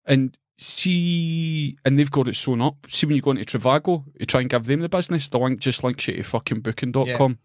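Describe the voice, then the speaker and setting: A man's voice: medium pitch, brisk, hardly any pauses, no room sound, studio quality. A man with a Scottish accent co-hosting a podcast, ranting and swearing as he tells a story in casual chat. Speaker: podcast co-host.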